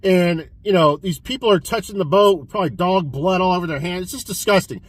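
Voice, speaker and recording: A man casually reviewing a film he watched, retelling the plot in an excitable, profane way with many restarts. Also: high voice, fairly quick, low-quality recording. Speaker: physical media collector reviewing films.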